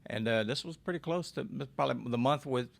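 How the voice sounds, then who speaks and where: A man's voice: mid-range voice, fairly quick, vocal fry. A man in his twenties, a podcast guest telling his personal story in a candid, raw way and swearing freely.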